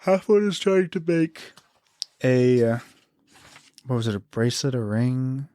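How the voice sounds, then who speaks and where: A man's voice: mid-range voice, animated, a little slow, warm tone, no echo, clean studio sound. A man co-hosting a podcast, chatting about a book in a laid-back way with joking asides. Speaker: podcast co-host. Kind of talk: casual book discussion.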